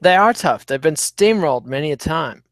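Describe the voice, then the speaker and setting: Sarcastic guy hosting a fight preview pod, higher voice, dead dry room. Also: lively intonation, normal speed, no room sound. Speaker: podcast host. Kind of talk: casual chat, sports preview.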